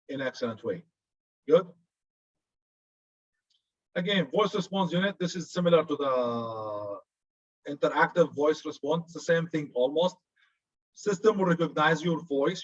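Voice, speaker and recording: Arabic-accented guy lecturing, kinda high voice, jokey, dull lo-fi recording. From Arab region. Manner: chatty, joking, says "good" often. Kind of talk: classroom lecture.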